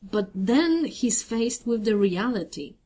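A woman's voice: on the high side, animated, slow, mellow, slightly rough. A woman co-hosting a podcast, chatting casually and enthusiastically about a TV episode, rambling with many fillers. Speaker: podcast co-host. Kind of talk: casual TV recap chat.

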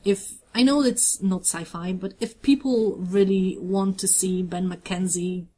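Slow easygoing woman cohosting a tv recap podcast, lots of ums, enthusiastic. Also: medium pitch, fairly even intonation, dark tone, husky. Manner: enthusiastic, rambling with many fillers. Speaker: podcast co-host. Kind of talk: casual TV recap chat.

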